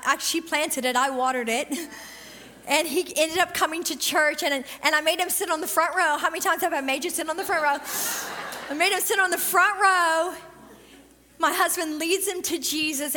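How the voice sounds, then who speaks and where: Woman preacher, middle-aged, high bright voice, lively testimony style, long church reverb. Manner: animated storytelling, quick bursts and drawn-out emphasis. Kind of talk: sermon with personal testimony.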